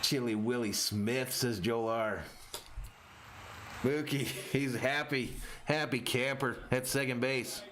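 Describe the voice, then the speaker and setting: A man hosting a live fan play-by-play stream, calling the game and reading chat messages with excitable energy. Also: medium pitch, slow pace, noisy background. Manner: excitable, rises sharply on big plays.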